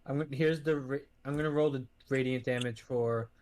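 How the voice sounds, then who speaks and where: A man's voice: mid-range voice, fairly even intonation, fairly quick, a little mellow. A man playing a tabletop game who keeps asking to confirm the rules. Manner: checks rules with many questions. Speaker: player.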